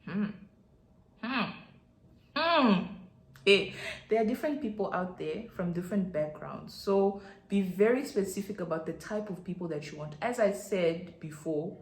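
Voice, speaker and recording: A woman with a Nigerian accent giving an excitable, chatty faith talk as a podcast host, addressing her listeners directly. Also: mid-range voice, a little slow, reverberant.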